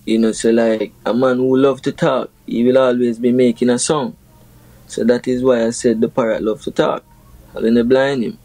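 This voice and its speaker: A young Jamaican reggae artist talks in a relaxed, unhurried interview manner. His tone is mellow and dark, and his voice sits close and dry with no room around it. He explains ideas through proverbs, leaning on "you know" as he goes. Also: mid-range voice, no room sound, rough recording. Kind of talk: casual interview talk.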